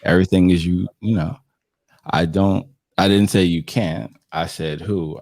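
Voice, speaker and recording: Deep gravelly man hosting a live show. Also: fairly even intonation, unhurried, a little mellow, no echo, clean studio sound. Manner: reads out comments and agrees briefly. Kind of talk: live podcast talk.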